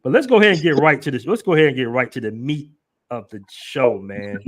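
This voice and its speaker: A man's voice: medium pitch, lively intonation, fast. A man hosting a live show, chatting casually in a loose, rambling, emphatic way. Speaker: host.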